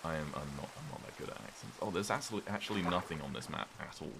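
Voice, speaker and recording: Bright-toned young British man chatting. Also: rumbling low, very animated, fast talker, gravelly, a little hiss or hum. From Britain. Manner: rambling, chatty, reads and thanks chat. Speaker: streamer. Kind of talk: casual livestream chat while gaming.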